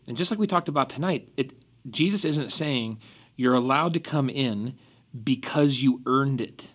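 A male pastor in a relaxed podcast chat, explaining scripture in plain, conversational terms. He talks it through loosely, with everyday examples and easy fillers. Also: medium pitch, normal speed. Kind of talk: casual church podcast discussion.

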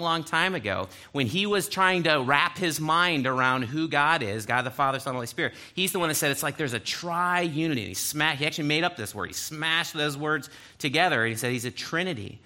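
A man's voice: fairly high pitch, expressive, normal speed, few pauses, bright, forceful tone. A man preaching a sermon, reading scripture aloud and breaking in with explanatory asides. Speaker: pastor.

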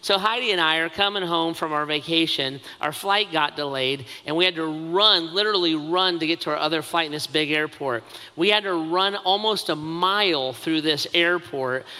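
A man with a high, sharply bright voice preaches a sermon in a big hall with a long reverb tail. He talks in a conversational, self-mocking way and keeps adding asides. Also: normal speed, smooth. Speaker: pastor.

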